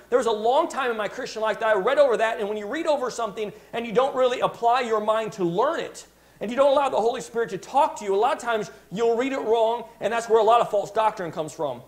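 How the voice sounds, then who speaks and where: A man's voice: sits high, fast. A man preaching a sermon as pastor, emphatic, stopping to restart phrases and asking his congregation "Amen?".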